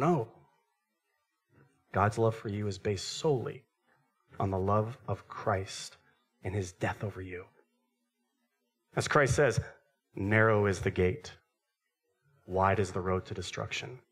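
A male pastor preaching a sermon to his church, swinging between animated, raised passages and hushed, quiet ones. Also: medium pitch.

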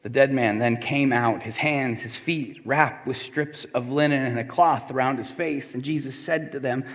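A man preaching a sermon as pastor, swinging from hushed, quiet lines to loud shouted ones. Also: medium pitch, normal speed, hardly any pauses, long reverb tail.

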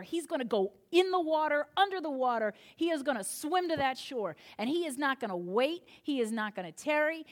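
A woman pastor giving a sermon, telling a story with humor and acting out its voices. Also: high voice.

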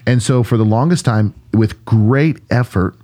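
A man's voice: mid-range voice, measured pace, dark tone. A man, a pastor co-hosting a podcast, retelling a Bible story in an earnest, musing conversational way, with frequent restarts.

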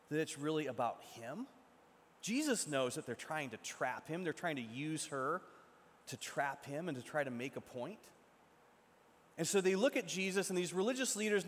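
Dramatic preacher in an echoing hall. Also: male voice, fairly high pitch. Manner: dramatic retelling, shifts from loud to hushed. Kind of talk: sermon storytelling. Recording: long echo from a large hall.

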